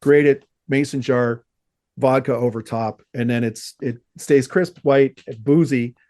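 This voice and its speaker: A man from Canada telling stories in a casual podcast chat, acting out the people he quotes with animated energy. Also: medium pitch, unhurried, dry recording, clean studio sound. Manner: animated storyteller, acts out quoted dialogue. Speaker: podcast guest, oyster shucker.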